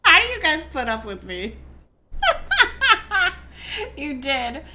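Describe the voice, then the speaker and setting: A woman streamer chatting casually over a game, chatty with lots of fillers and quick to break into loud laughter. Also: high-pitched, huge pitch swings, slight background noise. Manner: giggly, bursts into loud laughter. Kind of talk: casual gaming stream commentary.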